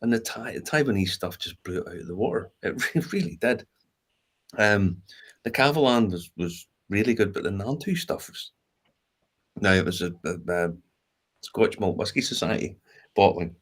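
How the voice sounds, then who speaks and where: A low-voiced man chats casually as a podcast co-host. He tells stories with easy laughter and the odd curse thrown in. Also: animated, moderate pace, a bit bright, breathy edge. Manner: laughing storyteller, swears freely. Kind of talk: casual chat.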